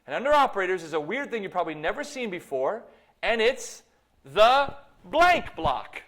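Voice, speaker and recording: In a lecture hall, a computer science lecturer gives a live class while running through code, tossing in playful, self-deprecating remarks. His voice is high-pitched and fairly bright, swinging widely in pitch at a normal speed.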